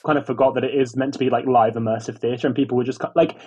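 Fast-talking husky man on a lo-fi mic. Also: mid-range voice, fairly even intonation, mellow. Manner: quick, breezy storyteller. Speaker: podcast guest. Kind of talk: casual podcast chat. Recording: lo-fi muffled mic.

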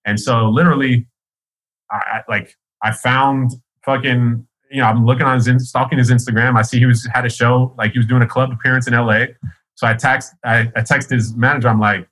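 A man with a husky, slightly breathy voice and a tense, forceful push behind his words. He tells a long story in a loose, rambling way, full of swearing and frequent laughter. It sounds like easy, casual talk. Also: medium pitch, level tone, fairly quick, poor audio. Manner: rambling, profane, laughs often.

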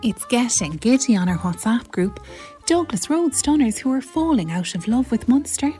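A woman's voice: on the high side, big pitch swings, normal speed, music in the background. A woman playing a gossipy, catty young Cork woman with a Cork accent, in a comedy sketch. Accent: Cork Irish.

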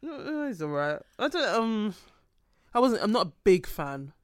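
A woman co-hosting a casual chat, frank and quick to laugh. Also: medium pitch, very animated, no echo. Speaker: podcast co-host.

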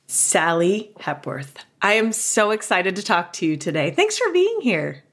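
A woman's voice: medium pitch, wildly swooping pitch, a little slow, hardly any pauses, a bit bright. A woman hosting a podcast interview, chatty and enthusiastic. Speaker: podcast host. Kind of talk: casual interview chat.

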